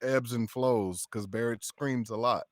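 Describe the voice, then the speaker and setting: Animated male voice actor telling stories. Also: medium pitch, a little slow. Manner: animated storyteller, laughs often. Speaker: voice actor guest. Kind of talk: casual livestream chat.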